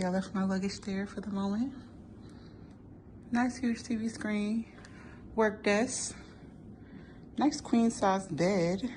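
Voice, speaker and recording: A woman's voice: mid-range voice, gravelly, slight background noise, low-quality recording. A woman travel vlogger casually and enthusiastically touring a hotel room, chatting to her viewers.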